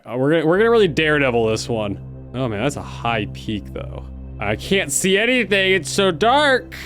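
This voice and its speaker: A young man giving excitable let's-play commentary as he plays, talking to himself and his viewers, often stammering and restarting his sentences. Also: fairly high pitch. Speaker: gaming YouTuber.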